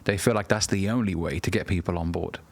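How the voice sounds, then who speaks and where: A man's voice: deep voice, quick pace, gravelly, no room sound. A man in his thirties giving blunt, profane self-improvement advice straight to the camera as a coach. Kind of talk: direct-to-camera advice talk.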